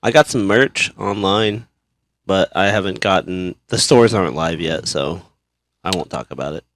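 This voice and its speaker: A man's voice: low-pitched, normal speed, dry recording. A man in his thirties from Kansas, co-hosting a podcast in casual chat, telling stories with lots of swearing and laughter. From Kansas, USA. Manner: animated storytelling, swears a lot, laughs often. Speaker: podcast co-host.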